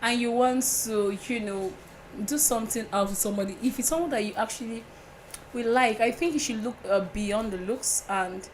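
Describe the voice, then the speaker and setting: A young woman hosting a podcast, calm and measured in casual chat. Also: a little high, slight background noise, poor audio. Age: young adult.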